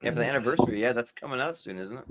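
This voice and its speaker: A man's voice: mid-range voice, rapid-fire. A man on a movie panel, joking around and laughing often as he votes. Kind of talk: casual panel chat.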